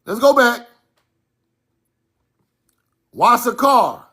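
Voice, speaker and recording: Slow, emphatic man lecturing over slides. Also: extremely high pitch, big pitch swings, sharp tone, husky. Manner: emphatic, repeats points, directs slides.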